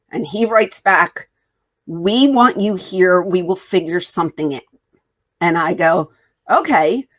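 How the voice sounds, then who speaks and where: A woman guest in an interview, telling a story and acting out the dialogue as she goes. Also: mid-range voice. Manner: animated, acts out quoted dialogue. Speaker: wrestling guest.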